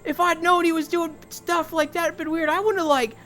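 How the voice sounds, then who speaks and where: A woman's voice: level tone, a bit bright, soft background music. A woman voicing a flustered male security guard who rambles defensively. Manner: high, fast, defensive rambling.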